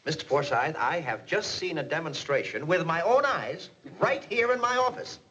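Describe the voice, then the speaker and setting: An actor playing an excitable, blustering company boss in a 1940s film comedy, swinging from stern to giddy. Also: male voice, fairly high pitch, normal speed, slightly rough, heavily acted. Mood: dramatic. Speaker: businessman, the boss. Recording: muffled 1940s film soundtrack with hiss.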